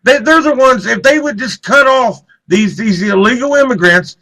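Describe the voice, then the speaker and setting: Male radio co-host, high and bright, heated and repetitive. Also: normal speed, poor audio. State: clearing throat, choked up. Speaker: radio talk show co-host. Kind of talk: live political talk radio.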